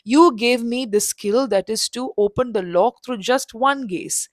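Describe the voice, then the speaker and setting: A woman's voice: on the high side, a little slow, no room sound, close to an everyday voice. A woman voicing a greedy male thief who talks in a plaintive, complaining way. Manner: pleading then complaining.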